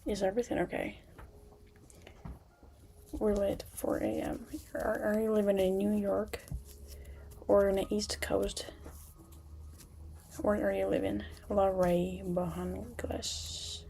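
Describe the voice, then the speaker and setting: A young woman livestreaming from a room at home, chatting casually with viewers in a halting way with many restarts, now and then dropping to a whisper. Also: medium pitch, level tone, gravelly, slight background noise. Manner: halting, restarts often, soft at times.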